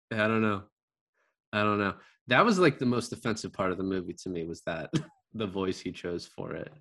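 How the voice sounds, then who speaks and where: A man in a relaxed movie review chat. He rambles, restarts his sentences and fills the gaps with ums and likes. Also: low voice, moderate pace, pauses often. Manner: rambling, many fillers and restarts, laughs often. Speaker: podcast co-host.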